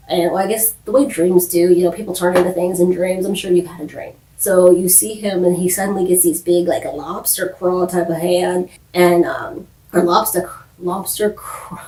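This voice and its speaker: A woman's voice: lowish voice, fairly even intonation, moderate pace, few pauses, mellow, roomy sound, distant mic, low-quality recording. A woman in her thirties casually recapping a TV episode, chatty and full of "like", sometimes acting out the characters' lines. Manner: chatty, lots of "like", quotes characters in acted asides. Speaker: TV recap vlogger.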